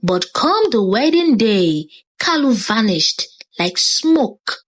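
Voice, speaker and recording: A woman narrating a scripted story with dramatic, expressive delivery. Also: on the high side, takes it slowly.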